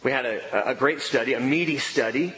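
A man preaching a sermon as pastor, emphatic, dropping his voice low on key words. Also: a little fast, fairly bright tone, a little hiss or hum. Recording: long hall reverb.

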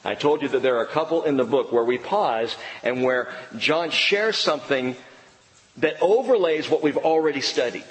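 A man preaching an expository sermon, emphatic and animated, swinging between excited and low earnest tones. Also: normal speed. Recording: long reverb of a large hall.

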